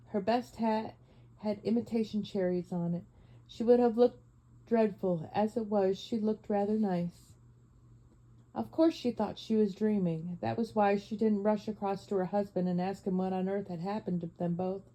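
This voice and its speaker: A woman narrating an audiobook in a measured, expressive storytelling manner. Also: mid-range voice, rough recording. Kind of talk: audiobook reading.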